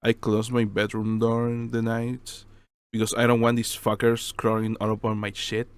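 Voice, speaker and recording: A man's voice: medium pitch, monotone, moderate pace, clean tone, dry recording. A man co-hosting a podcast in casual chat, laughing often and swearing, with some non-native phrasing. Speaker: podcast co-host.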